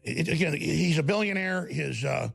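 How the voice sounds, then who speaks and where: A man's voice: on the high side, moderate pace, gravelly, a bit bright. A man with a Texas accent hosting a political commentary show, ranting in a sarcastic, scornful way.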